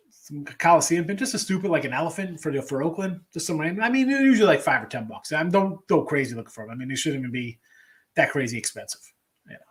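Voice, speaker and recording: A middle-aged man hosting a live sports betting show, chatting loosely with viewers and rambling as he thinks aloud. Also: fairly high pitch. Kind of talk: casual live-stream chat.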